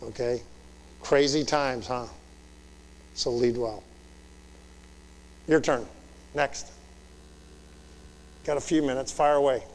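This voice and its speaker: A man's voice: mid-range voice, steady tone, takes it slowly, long pauses. A man in his fifties, a military commander, giving a direct motivational leadership talk to officer students, asking rhetorical questions and checking "Okay?". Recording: long reverb in a large hall.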